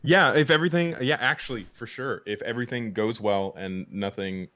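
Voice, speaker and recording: A man's voice: mid-range voice, fairly quick, a bit bright, dry recording. A man playing a tabletop game on stream, chatting casually in a laid-back way. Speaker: player and streamer. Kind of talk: casual chat. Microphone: boom-arm mic.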